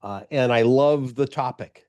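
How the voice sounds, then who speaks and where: A man's voice: mid-range voice, unhurried, darkish tone. A man with an American accent, a jokey, upbeat guest chatting on a podcast. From United States. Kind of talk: casual interview chat.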